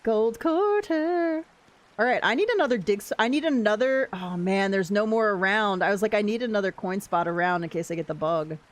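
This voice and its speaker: A woman's voice: mid-range voice, fast, hardly any pauses. An American woman talks her way through a game livestream in a loose, chatty voice. She answers chat as she plays and keeps up an easy running commentary on the game. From United States. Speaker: game streamer.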